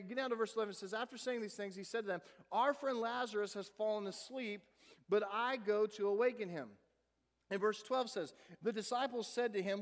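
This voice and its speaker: Male pastor with a high voice: casual, folksy sermon, loud then hushed, echoing sanctuary. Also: brisk. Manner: conversational, with folksy asides and repeated words; swings between emphatic and hushed. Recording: long hall reverb.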